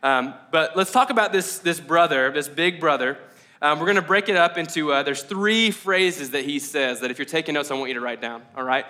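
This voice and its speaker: Bright-toned man preaching in a loose, animated, filler-heavy style. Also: a little high, a little fast. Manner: casual and animated, many likes and ums. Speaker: pastor. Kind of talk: conversational sermon. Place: church service.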